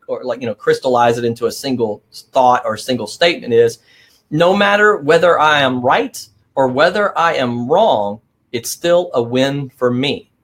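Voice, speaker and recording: A man's voice: a little high, fairly bright tone. A middle-aged man hosting a motivational live stream, talking with energy, stressing points and often adding "right?".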